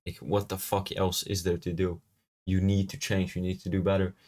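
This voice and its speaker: Brief: man, low voice, agitated ranting host, profane and rambling, keeps restarting. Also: little pitch movement, moderate pace, darkish tone. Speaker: reaction video host. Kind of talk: ranting reaction commentary.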